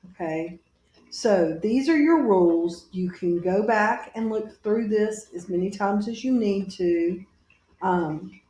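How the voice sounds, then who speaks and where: A woman teacher giving a recorded grammar lesson to her class, patient and deliberate, spelling out each punctuation mark aloud. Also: on the low side, a little mellow, reverberant.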